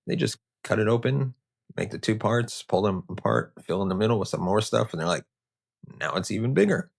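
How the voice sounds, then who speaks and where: On the low side and brisk, with vocal fry, a man narrates history for his podcast in a casual manner. Sarcastic, joking asides pull him off-script as he goes.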